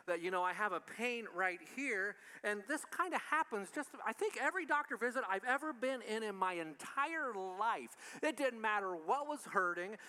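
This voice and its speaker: A man preaching a sermon in a relaxed, conversational way, often asking the congregation questions. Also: sits high, clear, resonant tone. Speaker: pastor.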